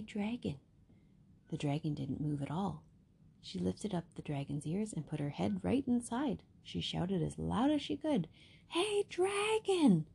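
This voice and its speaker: A woman reading a picture book aloud in a steady, expressive way. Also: fairly low pitch, gravelly, husky. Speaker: storyteller.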